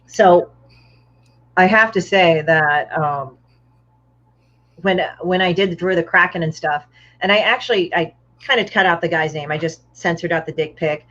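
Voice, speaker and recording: Blunt, sweary woman with a lowish voice, casual chat, dull call sound. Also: moderate pace, a bit bright. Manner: blunt, profane storytelling. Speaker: guest comic artist.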